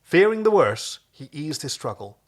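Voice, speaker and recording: A man's voice: a little high, moderate pace. A man co-hosting a podcast, reading a story aloud casually and breaking off to joke. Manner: lively, jokey, voices the characters. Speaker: podcast co-host and reader.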